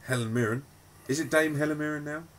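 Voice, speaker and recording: A man's voice: on the high side, fast, fairly bright tone, slight background noise. A man, co-hosting a podcast in rambling, jokey casual banter. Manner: rambling, jokey, puts on silly voices. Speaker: podcast co-host.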